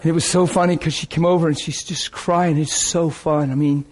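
Excitable preacher man telling a story. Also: fairly high pitch, brisk. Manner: excited storytelling, laughing and repeating himself. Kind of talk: sermon with testimony storytelling.

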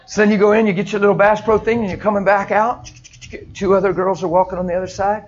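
High-pitched guy preaching, storytelling, goes quiet then loud and laughing, kinda muffled audio. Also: fast talker. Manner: animated, swings from hushed to loud laughing shouts. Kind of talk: sermon with storytelling.

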